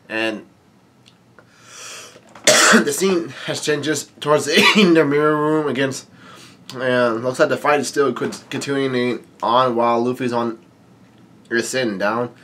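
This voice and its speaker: Guy reading a manga chapter out loud, lots of ums and restarts, mid-pitched voice. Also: measured pace, long pauses, slight background noise. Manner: rambling, hesitant, many fillers and restarts. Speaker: manga reading channel host. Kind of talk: casual manga read-along with commentary.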